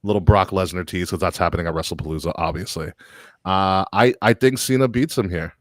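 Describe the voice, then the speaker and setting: A man's voice: sits low, fairly quick, dry recording, studio quality. A man co-hosting a wrestling podcast, chatting casually, laughing often and acting out what wrestlers said. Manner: laughs often, acts out quotes. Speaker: podcast co-host.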